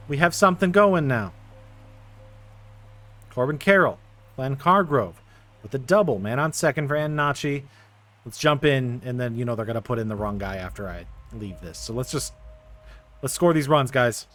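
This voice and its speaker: A young man narrating his baseball video game play by play, quickly getting frustrated at the game. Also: medium pitch, fairly bright tone, soft background music. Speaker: gaming YouTuber. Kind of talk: casual video game commentary.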